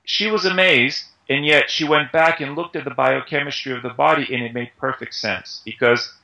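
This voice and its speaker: A man talks through diet advice in a relaxed interview, with a bright, forward tone at a mid pitch. He explains things conversationally, leaning on homely comparisons and dropping in plenty of ums and you-knows. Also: normal speed, vocal fry, low-quality recording. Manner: conversational, uses everyday analogies, many fillers. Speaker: Ayurveda instructor, interview guest.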